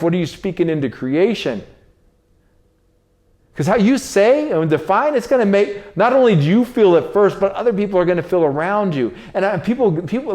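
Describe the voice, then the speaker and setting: A man's voice: high voice, darkish tone. A man hosting a casual spoken monologue, preachy and repetitive, talking in street slang. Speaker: host.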